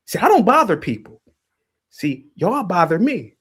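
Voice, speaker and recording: A man's voice: high voice, sing-song, unhurried, fairly bright tone, slightly rough. A man hosting a livestream, ranting heatedly and taunting a caller with repeated jabs. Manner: taunting, repetitive, calls out a caller. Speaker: livestream host.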